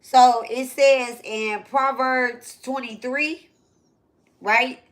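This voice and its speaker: A woman's voice: high voice, fairly even intonation, extremely slow. A woman giving a casual spiritual lesson, reading verses aloud and repeating herself, with frequent "okay?" and "right?" check-ins. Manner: repetitive, asks "okay?" and "right?" often. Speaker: spiritual teacher.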